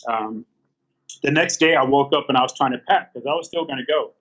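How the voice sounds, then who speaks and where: Halting middle-aged man telling his story. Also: medium pitch, a bit bright. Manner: halting, with many fillers and restarts. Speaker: interview guest. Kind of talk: candid storytelling. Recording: dull lo-fi sound.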